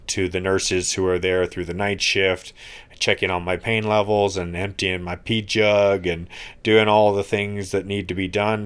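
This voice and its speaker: Deep-voiced male podcast co-host, earnest and heartfelt, casual reflective talk. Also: clear, resonant tone. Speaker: podcast co-host recovering from an accident. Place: friends' house, indoors.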